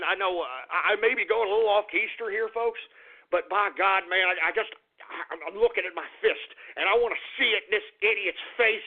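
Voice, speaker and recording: A man's voice: sits high, vocal fry, phone-quality sound. Stammering, swearing talk radio man, thin phone sound. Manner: profane, stammering rant. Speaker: radio talk show host.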